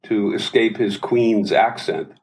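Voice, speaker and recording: A man's voice: on the low side, slow pace, low-quality recording. A man in his sixties, a singer as interview guest, telling anecdotes in casual talk. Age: 60s. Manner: animated storyteller, does voices in anecdotes.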